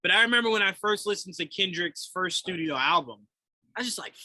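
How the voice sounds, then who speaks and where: A man co-hosting a podcast in casual chat, animated and laughing often, acting out quotes as he talks. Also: sits high, fairly quick, no room sound, poor audio. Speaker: podcast co-host.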